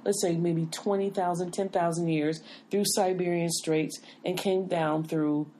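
A woman's voice: on the low side, fairly even intonation, unhurried, dark tone, a little hiss or hum. A woman hosting a casual podcast chat, holding the floor insistently and asking to finish her point. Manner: insistent, keeps the floor with "wait a minute". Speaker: podcast host.

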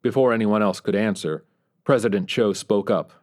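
Low-voiced man narrating a story. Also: a little mellow. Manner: measured storytelling. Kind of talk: scripted narration.

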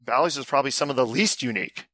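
A man's voice: medium pitch, very fast, bright, forceful tone, dry recording. A man co-hosting a casual podcast, loose and joking, swearing freely. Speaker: podcast co-host. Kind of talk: casual chat.

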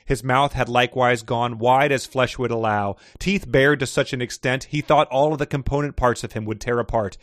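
A man's voice: mid-range voice, fairly even intonation, moderate pace, few pauses, a bit bright, no echo. Male podcast host, dry close mic, reads prose dramatically, laughs easily. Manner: reads passages expressively, laughs often. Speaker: podcast host reading excerpts. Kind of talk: casual chat with dramatic readings.

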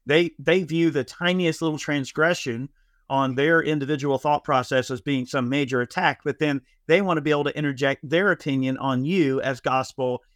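A man co-hosting a podcast who makes his points in a measured, argumentative way. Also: fairly high pitch, fairly bright tone, dry recording, studio quality. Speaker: podcast co-host. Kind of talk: casual opinion talk.

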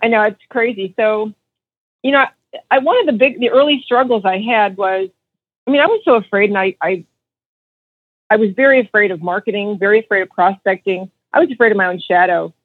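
A financial advisor in her fifties, guesting on a podcast, looks back on her career over a tinny, dry phone line with no room sound. Her mid-range voice is slightly husky and brisk. She tells her story animatedly, acting out the quotes of the people in it.

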